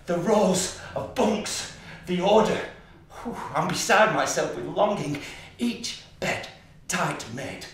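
An actor playing a menacing, order-obsessed psychopathic man in a stage monologue, slow and intense, dropping to whispers and bursting out loud. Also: high-pitched. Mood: fixated. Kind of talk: theatrical monologue. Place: theatre stage. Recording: distant, echoey stage recording.

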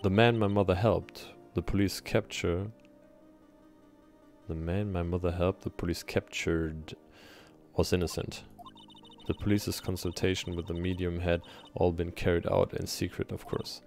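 Lonely young medium girl from a game, a guy just reading her lines, deep gravelly voice. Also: level tone, a little slow, darkish tone, soft background music. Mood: recounting. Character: young female spirit medium, lonely and earnest.

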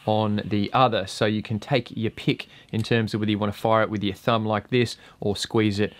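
A man's voice: fairly low pitch, little pitch movement, moderate pace, no room sound. An Australian man casually reviewing gear and beer on his own channel, laid-back and swearing freely.

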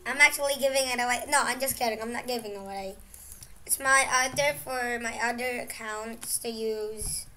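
A young woman from the Philippines giving excitable gaming commentary, breaking into loud exclamations. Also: on the high side, normal speed. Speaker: gaming vlogger.

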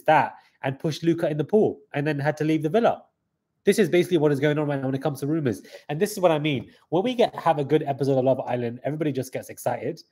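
Excitable husky young man. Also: a little high. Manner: excitable hype talk, keeps saying "guys". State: stuffy nose. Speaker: live stream host. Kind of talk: live reaction commentary.

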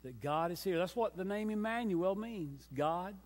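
A man pastor preaching a sermon with emphatic, repeated refrains, swinging between hushed and loud passages. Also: sits high, animated, normal speed. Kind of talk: Easter sermon. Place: church sanctuary. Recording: long church reverb.

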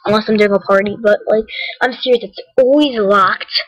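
Here a young woman shows off her game in a rambling, chatty vlog, often fixing her own words and giggling as she says she's cold and tired. Her voice is mid-range and a bit bright, with fairly even intonation at a moderate pace, and the recording quality is low.

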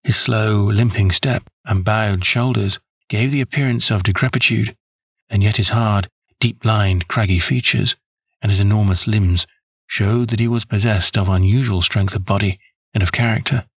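A man narrating a classic story in the first person, in an even, measured way. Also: lowish voice, slightly rough, dry recording, clean studio sound. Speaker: audiobook narrator.

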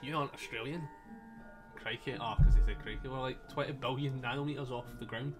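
In a steady, mid-range voice, a man talks fast while playing a story game live, his voice a little strained. He laughs often, curses freely, and trades jokes with his chat as soundtrack music plays faintly.

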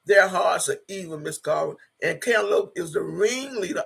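Gravelly, raspy woman in her sixties. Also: lowish voice, animated, normal speed. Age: 60s. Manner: blunt, profane and emphatic, repeating herself. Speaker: livestream host reading viewer comments. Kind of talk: casual livestream chat. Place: her home.

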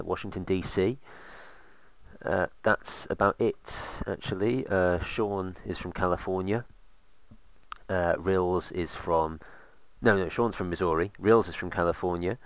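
Deep gravelly man rambling. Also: no echo. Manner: rambling, sarcastic asides. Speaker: let's play host. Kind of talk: casual gameplay commentary.

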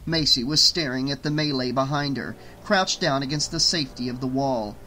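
A man reading a novel aloud as an audiobook narrator, at a steady, even pace. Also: mid-range voice, normal speed, slight background noise, poor audio. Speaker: audiobook reader.

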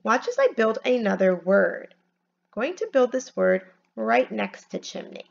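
A woman teacher giving a phonics lesson from home, spelling words out letter by letter in a slow, careful way. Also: fairly high pitch, very animated, creaky, highs cut off.

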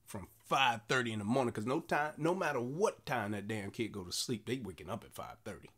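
A man in his forties, a comedian delivering an animated, repetitive monologue. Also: medium pitch, a little fast, breathy edge. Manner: animated storytelling with repeated phrases.

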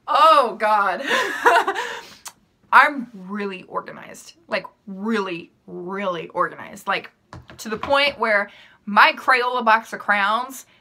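A young woman talking straight to camera in a casual vlog, her voice bright and forward. She rambles freely, filling her answers with "like" and "um" and laughing at herself. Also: medium pitch. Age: young adult. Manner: chatty, rambling, full of "like" and "um"; laughs easily, self-deprecating. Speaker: vlogger. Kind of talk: casual chat answering questions.

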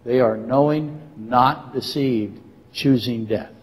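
A man's voice: medium pitch, slow. Man teaching in a reverberant church. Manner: rhetorical questions to the congregation, dry facetious asides. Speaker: Bible teacher. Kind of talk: verse-by-verse Bible lecture. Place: church sanctuary. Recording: long reverb of a church hall.

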